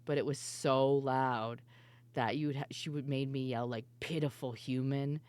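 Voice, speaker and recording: A woman streamer telling stories in casual chat, her voice worn and hoarse, laughing often and swearing freely. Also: a bass voice, steady tone, moderate pace, a little mellow. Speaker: VTuber streamer.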